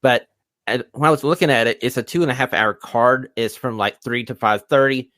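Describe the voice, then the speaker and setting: A man's voice: medium pitch, a little fast, a bit bright, dry recording. Upbeat male podcast host, dry sound. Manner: upbeat, promotional, emphatic. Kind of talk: casual wrestling podcast chat.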